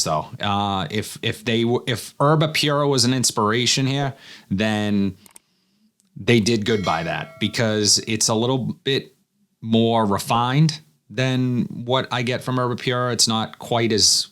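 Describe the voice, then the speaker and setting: Low-voiced man reviewing fragrances casually. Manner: relaxed, thinking aloud while smelling. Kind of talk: casual first-impressions review.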